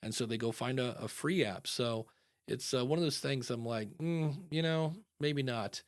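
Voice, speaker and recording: A man hosting a podcast in casual chat, animated and acting out quoted voices. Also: medium pitch, moderate pace, dry recording, studio quality. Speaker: podcast host.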